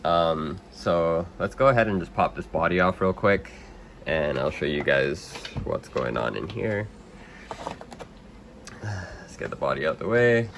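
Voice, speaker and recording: A young man under the weather, casually walking through a hands-on setup at a workbench with lots of ums and throat clearing. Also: sits low, unhurried, long pauses, a little hiss or hum. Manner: relaxed, rambling with many ums, clears throat. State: under the weather, slightly hoarse. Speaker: RC hobby video host.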